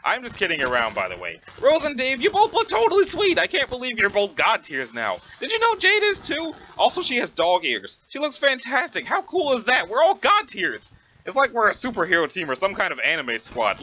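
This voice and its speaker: Guy doing a happy goofy teen boy, high bouncy voice, bright, lo-fi hiss. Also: exaggerated voice. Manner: upbeat and friendly. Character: cheerful goofy teenage boy writing a letter.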